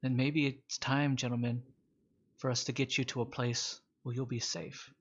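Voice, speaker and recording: A man's voice: mid-range voice, flat delivery, normal speed, muffled recording, lightly acted. A man voicing a formal, courteous male leader who fusses over the group's safety. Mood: earnest.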